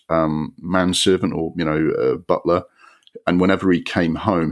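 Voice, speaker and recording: Sweary, exasperated deep-voiced man. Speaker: podcast host. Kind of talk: ranting film review.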